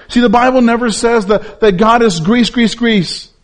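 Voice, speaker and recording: Male preacher, high-pitched voice, emphatic sermon delivery with repetition for stress. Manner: emphatic, repeats words for stress, drops low and slow on key points.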